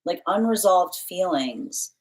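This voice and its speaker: A woman with a somewhat low voice hosts a live tarot stream. She talks casually and affectionately, thanking viewers and reading out their comments. When she turns to the cards, she rambles and pads her talk with fillers. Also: lively intonation, slow, rough recording. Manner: chatty, warm-hearted, reads comments aloud. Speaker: tarot reader.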